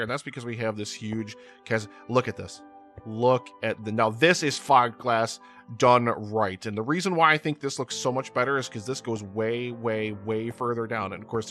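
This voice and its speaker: A man's voice: mid-range voice, sharp tone. A man hosting his gaming channel, giving casual, rambling gameplay commentary with repeated words and many fillers.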